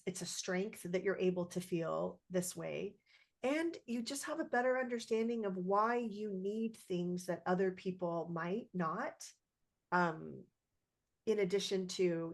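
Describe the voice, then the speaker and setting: A woman in a reflective podcast conversation who affirms the other speaker and reflects back what she hears. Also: on the low side.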